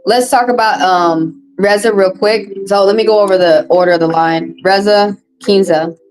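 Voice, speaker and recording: Woman, Southern US accent, tarot reader, casual live-stream chat, profane and animated, mid pitch, faint background music. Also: normal speed, rough recording. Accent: Southern US, Texas. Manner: chatty, profane, animated asides.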